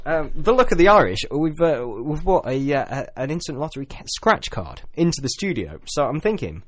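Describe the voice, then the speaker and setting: A man's voice: on the high side, normal speed, no room sound. A man hosting a casual local radio show, joking and laughing through the banter. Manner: jokey, laughing, lively banter.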